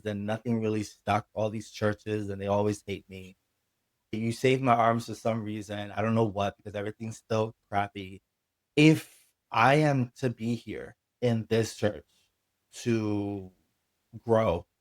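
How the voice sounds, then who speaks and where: A man's voice: on the low side, no room sound. A reverend, a man whose first language is Spanish, telling his own story in an interview, earnest and emotional, acting out his past words. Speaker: guest, reverend.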